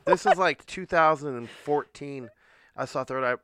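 A man's voice: on the high side, normal speed, a bit bright. A man telling a rambling, hesitant story in casual chat.

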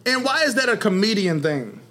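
Man co-host, casual chat, laughs a lot, sharp tone. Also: sits high, sing-song, fairly quick. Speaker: podcast co-host.

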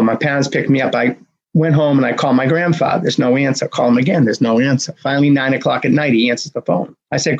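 A man in his sixties, a race director telling a story in an interview, acting out the dialogue with lively energy. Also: medium pitch, breathy edge, lo-fi sound. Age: 60s. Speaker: marathon race director, guest. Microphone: video call.

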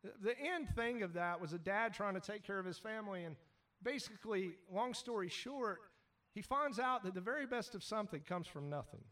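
A man preaching a sermon as pastor, animated, shouting at times and then dropping to quiet asides. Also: sits high, brisk, distant mic.

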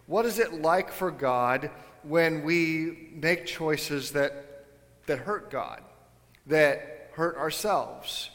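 A man preaching a sermon to his congregation, casual and animated, with joking asides to his listeners. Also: fairly high pitch, big-room sound. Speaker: pastor. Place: church sanctuary.

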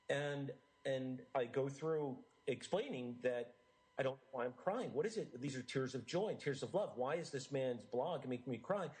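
A man's voice: mid-range voice, low-quality recording. Earnest man talking eagerly in an interview. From United States. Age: middle-aged. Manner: earnest, animated, with repeated restarts. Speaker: author and interview guest. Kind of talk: enthusiastic interview talk.

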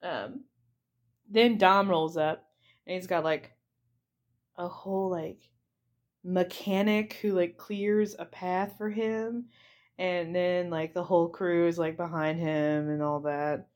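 A woman's voice: on the low side, steady tone, takes it slowly, a little mellow. A young woman hosting a comedy podcast, recapping a movie in a rambling, giggly way with lots of fillers. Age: young adult. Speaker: podcast host.

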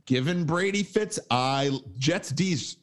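A man's voice: a little high, lively intonation, takes it slowly, fairly bright tone. Brash swearing man in his forties. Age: 40s. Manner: brash, emphatic, swears freely. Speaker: sports betting co-host. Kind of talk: casual sports betting chat.

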